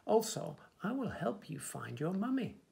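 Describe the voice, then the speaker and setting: A man's voice: high voice, very animated, a little slow, vocal fry, mellow, pitched above the performer's own voice, exaggerated voice. A man voicing a fussy clockwork toy hen in a children's storybook, in a chirpy, bustling manner.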